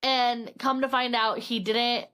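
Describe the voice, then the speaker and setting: High-voiced young woman recapping a thriller. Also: unhurried, smooth. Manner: animated, acts out characters' lines, swears casually. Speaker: podcast co-host. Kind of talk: casual book recap chat.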